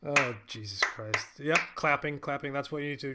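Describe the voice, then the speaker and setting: A man co-hosting a casual podcast, chiming in with relaxed, quiet asides. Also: medium pitch, brisk, heavy background noise. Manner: laid-back, drops to quiet asides. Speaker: podcast co-host. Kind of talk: casual chat.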